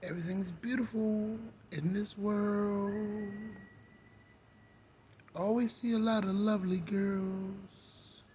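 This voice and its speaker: A middle-aged man with a Maryland accent and a voice that sits high hosts his own show in a rambling monologue. He drawls, hums, and slips into whispers, with slight background noise behind him.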